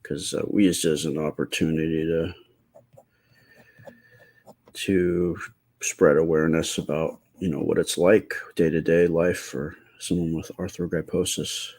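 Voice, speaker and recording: A man hosting a live stream, chatting casually and answering viewer comments with a slightly stuffy nose and a halting, rambling way of talking. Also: a bass voice, little pitch movement, darkish tone. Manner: rambling, halting, many fillers and restarts.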